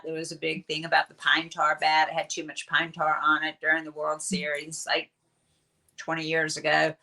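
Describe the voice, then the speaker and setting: A woman in her sixties, a guest on an interview show, telling chatty, animated stories full of fillers. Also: low voice. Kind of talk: casual storytelling interview.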